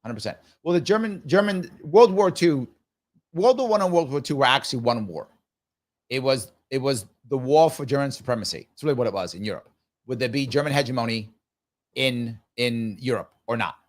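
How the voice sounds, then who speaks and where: A man's voice: mid-range voice, lively intonation, a little fast. A man in his fifties hosting a live stream, reading viewer comments aloud and answering them in a casual, musing way, often repeating his phrases. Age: 50s. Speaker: show host.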